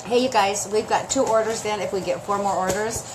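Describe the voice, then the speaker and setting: A woman's voice: medium pitch, fairly even intonation, brisk. A woman hosting a chatty live sale stream, gushing and emotional as she talks straight to her viewers, her throat scratchy and dry.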